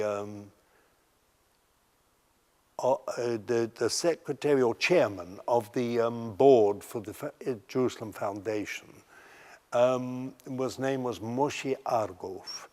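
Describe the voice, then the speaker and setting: A man's voice: mid-range voice, darkish tone. Older man recounting memories, long reverb. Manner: halting storyteller, restarting sentences. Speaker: interviewee. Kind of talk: recounting memories in a documentary interview.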